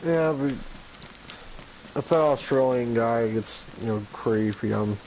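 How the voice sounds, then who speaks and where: A young man chatting casually with a friend while gaming, speaking haltingly with restarts and casual swearing. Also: medium pitch, a little mellow, a little hiss or hum, poor audio. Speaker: gamer. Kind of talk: casual chat over voice chat.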